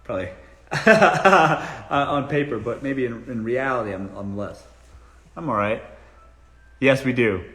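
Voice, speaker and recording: A blunt, profane Southern man from South Carolina hosts a casual live-stream Q&A, joking as he answers dating questions from a room in his home. His mid-range voice moves a little slowly, with long pauses and a sharp tone, and the room sounds echoey.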